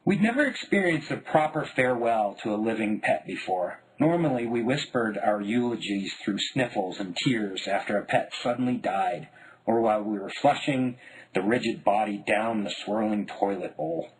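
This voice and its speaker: Husky man reading a wry memoir. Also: lowish voice, normal speed, poor audio. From Denver, United States. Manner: wry, deadpan humor. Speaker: memoir author. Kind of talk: memoir narration.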